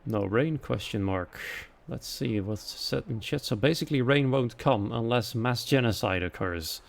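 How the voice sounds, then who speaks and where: A man's voice: medium pitch, normal speed, gravelly. A man from the Netherlands with a Dutch accent, commentating a live sim racing event and reading out the chat. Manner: quiet and chatty while waiting, lively and louder once the race starts.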